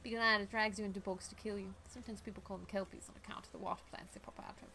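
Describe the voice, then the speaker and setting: A woman's voice: mid-range voice, flat delivery, very fast, vocal fry, pushed and bright, a little hiss or hum. A woman voicing a tough, brash female mercenary with a shotgun, putting on a swaggering, blunt accent. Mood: gruff storytelling.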